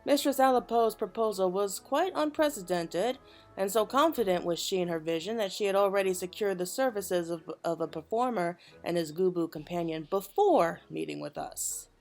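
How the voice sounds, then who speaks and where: A woman doing a low, solemn noble official. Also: animated, moderate pace, soft background music, close to an everyday voice.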